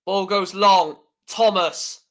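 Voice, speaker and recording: A man's voice: high-pitched, steady tone, slow pace. A man hosting a live stream, giving chatty fan commentary on a football match and swearing freely.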